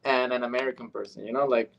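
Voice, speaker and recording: A man's voice: medium pitch, fast talker, vocal fry, dull audio. A middle-aged man from Argentina with an Argentine Spanish accent, chatting as a voice actor guest in an interview. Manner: animated, switches into Spanish accents to demonstrate. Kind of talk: casual interview chat.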